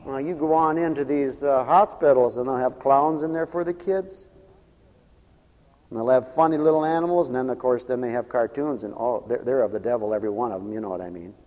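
Here a man preaches a fervent revival sermon, repeating himself rhythmically, throwing in hallelujahs, and moving between ringing exclamations and quiet muttered asides. He talks a little fast with a dark tone, and the recording carries long hall reverb.

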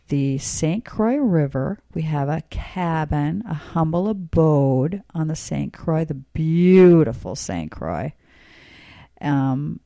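Low, slow-talking woman podcast host. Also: dark tone, no room sound, studio quality. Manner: chatty, folksy, enthusiastic asides. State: morning voice. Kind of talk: casual rambling podcast chat.

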